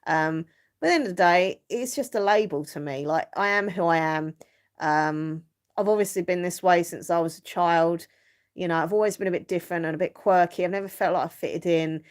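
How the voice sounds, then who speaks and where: A middle-aged woman talks casually to her live stream viewers. Her voice sits a little low, and she rambles along with plenty of fillers and easy laughter. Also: brisk, smooth. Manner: chatty and rambling, many fillers, laughs easily. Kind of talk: casual chat.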